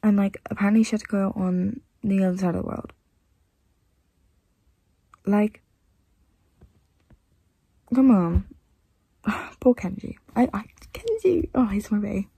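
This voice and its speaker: A teenage girl chatting casually in a reading vlog, gushing and excitable, swearing now and then, tired late at night. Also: mid-range voice, measured pace, creaky, pauses often, slightly rough, dry recording. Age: teens. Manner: gushing, excitable, swears, mixes soft asides with loud outbursts. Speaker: reading vlogger. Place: bedroom at home with a fan running.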